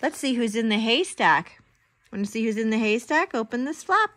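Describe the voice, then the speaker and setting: In a dry recording, a mother's voice, a little high and at normal speed, brings a picture book to life for her toddler. She reads in a sing-song, animated way, adding gasps, exclamations and animal noises.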